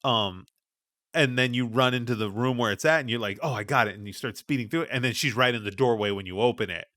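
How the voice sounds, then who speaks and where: A man's voice: mid-range voice, fast talker, pushed and bright, dry recording, clean studio sound. A man on a gaming podcast, casually and animatedly retelling a scary play session, swearing as he goes. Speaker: podcast host.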